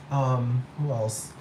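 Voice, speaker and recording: A man's voice: medium pitch, darkish tone, slight background noise. A young man ranting in a vlog, swearing a lot and sounding exasperated, sometimes mimicking people mockingly.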